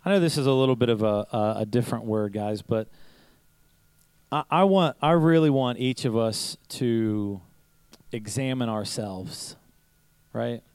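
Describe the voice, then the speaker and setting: A man's voice: mid-range voice, a little slow, a little mellow, smooth, no echo, rough recording. A pastor preaching to his church in a conversational sermon, telling stories, asking rhetorical questions and chuckling now and then. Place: church service.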